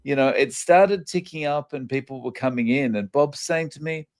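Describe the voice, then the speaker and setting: A man's voice: mid-range voice, moderate pace. A man with an Australian accent hosting a casual live stream, greeting viewers by name and chatting. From Scotland, raised in Australia. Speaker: live show host. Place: Japan.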